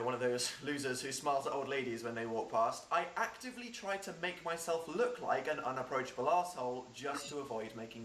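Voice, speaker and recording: A man's voice: medium pitch, fairly bright tone, far from the mic. A man with a sarcastic, self-deprecating manner, delivering a comedic vlog monologue. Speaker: vlogger. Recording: echoey room with faint music.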